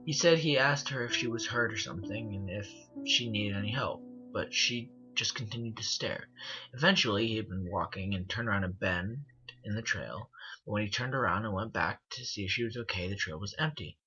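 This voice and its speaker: A man narrating a first-person horror story as an earnest storyteller, restarting phrases and slowing down on the creepy parts. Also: on the low side, sharp tone. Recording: dull lo-fi recording with music behind. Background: music bed.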